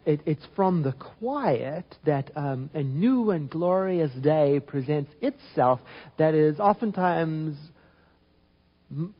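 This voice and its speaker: A man with a fairly high voice gives an unhurried spiritual talk, thinking aloud and circling back on his words. The recording is dull and lo-fi, with the top end rolled off. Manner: reflective, gentle, with many restarts and soft trailing phrases. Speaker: spiritual teacher. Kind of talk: informal sermon talk.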